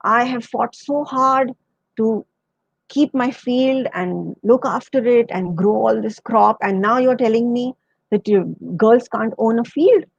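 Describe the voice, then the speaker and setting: A woman's voice: medium pitch, moderate pace, no echo, lo-fi sound, lightly acted. A woman with an Indian English accent voicing a fierce, proud old grandmother farmer who speaks with indignant force.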